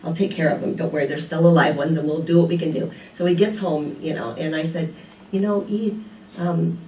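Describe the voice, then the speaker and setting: A woman's voice: low voice, fairly even intonation, a little fast, dark tone, a little hiss or hum. An older woman giving a casual sermon, telling stories and asking rhetorical questions in a conversational way. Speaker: speaker at a spiritual community. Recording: echoey room, picked up from a distance.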